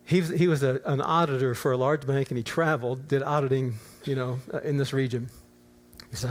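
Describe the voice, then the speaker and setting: A man, an older pastor, preaching a storytelling sermon in a church, animated and swinging from quiet asides to near-shouts. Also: medium pitch, fairly quick. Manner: animated, rising to near-shouts in acted prayers. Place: church auditorium.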